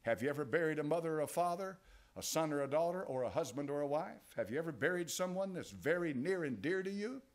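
An older man with an East Tennessee accent preaching a sermon as pastor, dropping to quiet asides and rising to loud exclamations. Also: on the high side, expressive, fast talker. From United States.

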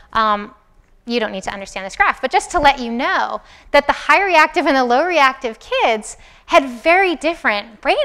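Woman prof giving a lecture, high smooth voice, casual, keeps asking the class stuff. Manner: conversational, questions the class directly; acts out soothing and excited voices. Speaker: university lecturer. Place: lecture room.

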